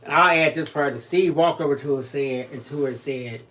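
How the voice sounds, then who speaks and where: A man with a medium-pitched voice speaks briskly as co-host of a home crafting livestream. He reads viewer comments aloud and teases in easygoing chat, joking around like an animated storyteller.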